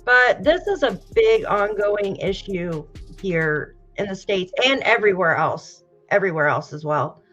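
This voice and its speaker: On a true crime livestream, a woman talks straight to her viewers, greets the chat, and reads posts aloud in casual commentary. Her medium-pitched, slightly bright voice has lively intonation and a measured pace with few pauses, yet she sighs often and fights back tears as if close to crying. The stream audio is dull and lo-fi, with faint music underneath.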